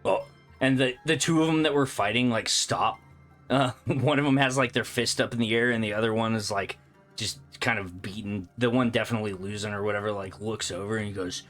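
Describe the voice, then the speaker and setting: A man's voice: lowish voice, fairly even intonation, a little fast, a bit bright, soft background music. A man narrating a tabletop game as dungeon master, talking casually with lots of fillers.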